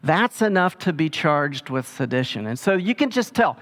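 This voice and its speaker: A man preaching a sermon in a relaxed, conversational way, retelling scripture in everyday speech. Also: fairly high pitch, normal speed. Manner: casual storytelling, paraphrasing scripture in everyday speech. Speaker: pastor.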